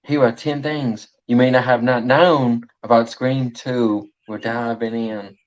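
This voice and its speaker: A man mimicking a horror show's host, putting on a slow, drawled announcer delivery with a Southern twang, over dull lo-fi call audio. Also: mid-range voice, fairly even intonation, lightly acted. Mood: hammy.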